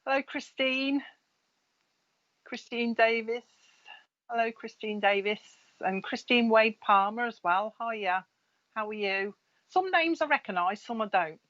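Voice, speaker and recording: With a slightly high, a bit bright voice, a middle-aged spiritual medium talks casually on a live stream at a measured pace, leaving long pauses. Her reading out of viewers' names is warm and gossipy, and the lo-fi stream audio sounds slightly dull.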